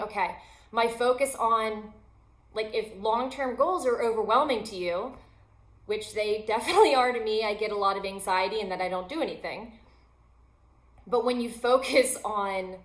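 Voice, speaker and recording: Upbeat chatty woman in an echoey room. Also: on the high side. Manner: upbeat, chatty, self-deprecating humor. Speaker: host and yoga teacher. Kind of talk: motivational self-help talk.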